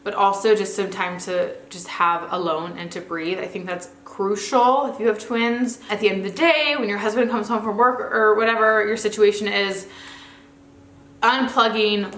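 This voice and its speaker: A woman's voice: mid-range voice, fairly bright tone. A young woman vlogger chatting casually to camera at home, full of fillers and asides. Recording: roomy echo.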